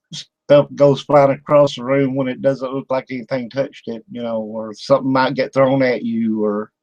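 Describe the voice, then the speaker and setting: A man's voice: medium pitch, darkish tone, no echo, highs cut off. An older man hosting a talk-radio interview in a folksy, rambling way, with lots of fillers and laughter. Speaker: radio show host.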